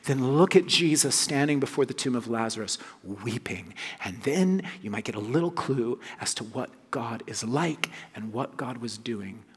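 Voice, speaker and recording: A man preaching a sermon, earnest and emphatic, dropping soft on key phrases. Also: mid-range voice, expressive, moderate pace, hardly any pauses, husky, long reverb tail. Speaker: pastor.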